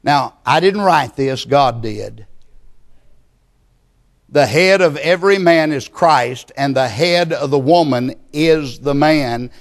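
A man preaching a sermon, speaking slowly and emphatically and building to loud passion. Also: a little high.

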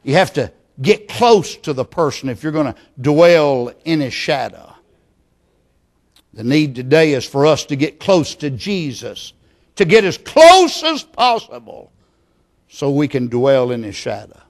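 A pastor preaching a sermon in a church, earnest and pleading, often dropping to a hushed tone. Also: male voice, mid-range voice, measured pace.

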